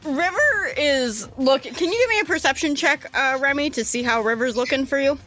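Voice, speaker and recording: A woman's voice: sits high, animated, moderate pace, bright, forceful tone. A woman narrating a tabletop game as game master, casual and laughing, with some swearing.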